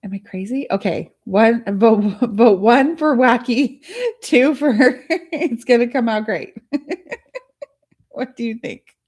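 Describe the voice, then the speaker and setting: A woman's voice: a little high, takes it slowly, a little mellow, breathy edge. Giggly woman hosting a live tutorial. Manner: giggly, chatty, laughs often; thinks aloud while working on screen. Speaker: host of a live art studio stream. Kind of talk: casual live tutorial chat with viewers.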